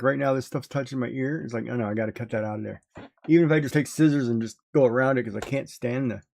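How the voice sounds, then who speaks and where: A man's voice: medium pitch, gravelly, a little mellow. A man streaming, chatting casually with his live audience, rambling along and chuckling often.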